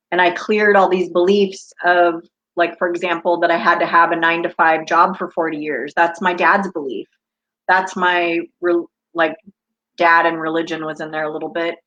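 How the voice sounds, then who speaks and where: A woman's voice: on the low side, level tone, normal speed, fairly bright tone, muffled recording. A woman in her fifties from the United States, hosting a live stream as an intuitive coach, talking casually with viewers and wandering off on spiritual tangents. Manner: chatty, tangent-prone, spiritual.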